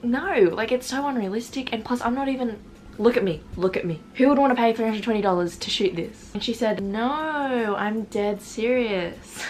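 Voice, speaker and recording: A woman's voice: a little high, fairly quick, darkish tone, slight background noise. A woman in her late teens telling a storytime to her camera, chatty and self-mocking, with lots of "like". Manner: reads out old messages in put-on voices. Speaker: vlogger. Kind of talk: casual storytime.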